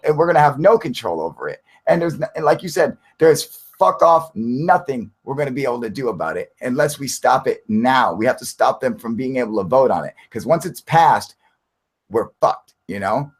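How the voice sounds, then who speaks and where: A man hosting a live stream, ranting heatedly with lots of swearing while reading and answering viewer chat. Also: mid-range voice.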